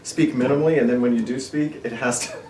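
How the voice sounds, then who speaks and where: A man's voice: mid-range voice, quick pace, mellow. A man hosting a metal podcast in a studio, talking in a rambling casual way and laughing often at himself. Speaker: podcast host. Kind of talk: casual chat. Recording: roomy studio, distant mic, faint ambient noise.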